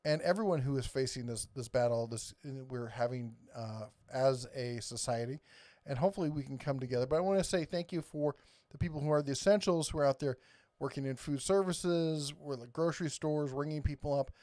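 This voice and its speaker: A man's voice: medium pitch, brisk, a little mellow, no echo. A man hosting a casual live stream, rambling and reading viewer comments aloud. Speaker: host.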